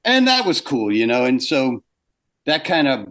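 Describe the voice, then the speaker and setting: Older man, interview guest, animated storyteller, acts out quotes. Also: mid-range voice, measured pace.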